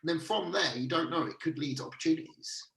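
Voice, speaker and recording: A man's voice: on the high side, quick pace, gravelly, distant mic. A man co-hosting a casual podcast chat, laid-back and chatty, swearing now and then. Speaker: podcast co-host. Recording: roomy echo, speaking from off-mic.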